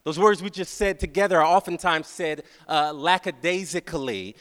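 A man with a fairly high voice preaches to a crowd in a large hall, and his words ring out with a long reverb. He circles back over his phrases again and again and keeps checking in with "right?", and he draws the prayer out slowly. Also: fairly bright tone. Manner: slow, drawn-out prayer recitation. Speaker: guest speaker. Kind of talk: sermon.

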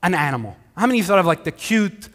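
A male pastor preaching a conversational sermon, animated, with frequent restarts. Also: high-pitched, rapid-fire. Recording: hall reverb.

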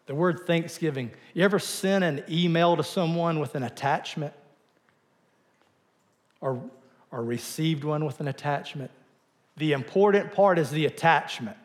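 A male pastor giving a conversational sermon in a church, asking the congregation questions and dropping to a quiet voice for emphasis. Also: a little high, unhurried, long pauses, big-room sound.

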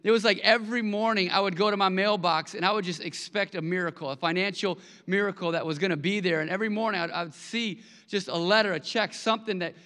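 A man preaching a sermon to his congregation, conversational and animated, telling stories with acted-out quotes. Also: high-pitched, fast, hardly any pauses. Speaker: pastor. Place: church sanctuary. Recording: long hall reverb.

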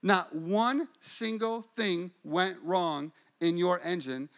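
A man's voice: sits high, takes it slowly, fairly bright tone. A man doing a young Southern woman, amazed.

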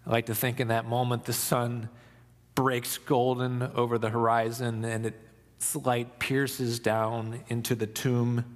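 A pastor giving an Easter sermon, reflective and storytelling, dropping soft for emphasis. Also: male voice, mid-range voice, level tone, long reverb tail. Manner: slow, reflective, dramatic pauses, soft for emphasis.

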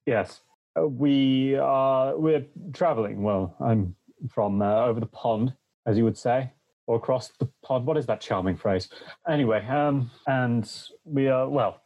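A man playing a flustered, husky English playwright. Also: mid-range voice, measured pace, lo-fi sound. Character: flustered English male playwright, secret drinker.

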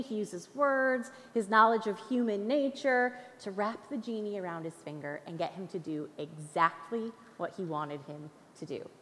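Young woman preaching, chatty and playful, echoey church hall sound. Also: mid-range voice. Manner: playful, conversational preaching with asides. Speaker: guest speaker. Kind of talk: sermon. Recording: long reverb of a large hall.

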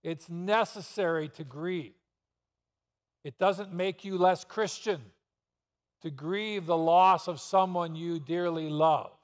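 A man's voice: on the high side, slow. A man pastor preaching a sermon in a church, asking rhetorical questions and pressing points with sudden emphasis. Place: church sanctuary. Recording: long reverb of a church hall.

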